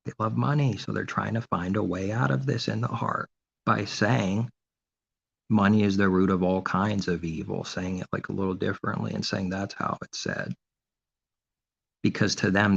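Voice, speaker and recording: With a deep, gravelly voice that has a husky edge yet a fairly bright tone, this preacher delivers a casual sermon at a moderate pace and with fairly even intonation. He asks rhetorical questions and answers them, sometimes turning mockingly sarcastic, on a dull lo-fi recording.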